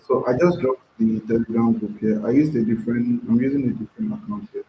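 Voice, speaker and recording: Talking fast in a mid-range voice, this man reads out viewer comments on his casual live stream and responds, chatting and repeating himself a lot. The audio is roomy, dull and lo-fi, with faint noise.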